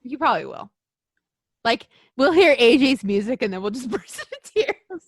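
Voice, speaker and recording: A woman co-hosting a podcast in casual chat, excitable and gushing, swearing freely. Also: fairly high pitch, normal speed, slightly rough, no room sound, clean studio sound. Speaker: podcast co-host.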